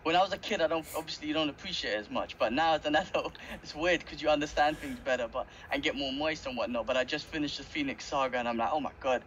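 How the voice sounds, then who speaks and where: An adult man, chatting casually on a podcast. His voice sits a little high, and he keeps it loose and animated. The audio is slightly muffled, with a faint hiss underneath. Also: fast talker, hardly any pauses. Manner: animated, laughs often, says "man" and "mate". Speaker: podcast co-host. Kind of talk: casual chat. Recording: slightly dull audio with faint background noise.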